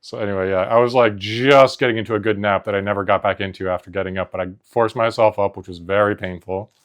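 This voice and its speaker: Rambling young man, lowish voice. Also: fairly even intonation, quick pace. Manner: rambling, mimics voices in anecdotes. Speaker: podcast co-host. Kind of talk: casual podcast chat.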